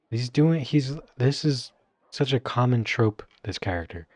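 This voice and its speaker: A man's voice: mid-range voice, expressive, a little slow, darkish tone, dry recording. A man streaming a choose-your-own-adventure game, reading choices aloud and reacting with wry, crude remarks. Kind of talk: casual live-stream commentary.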